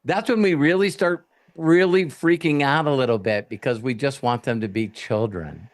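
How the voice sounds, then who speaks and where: A man's voice: mid-range voice, normal speed. Blunt, profane male coach. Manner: blunt, profane, animated storytelling. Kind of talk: live Q&A coaching talk.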